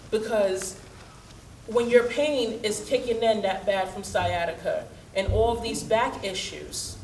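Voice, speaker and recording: A woman's voice: medium pitch, reverberant, recorded from a distance, a little hiss or hum, low-quality recording. A woman in her thirties telling a candid, humorous personal story and acting out the dialogue.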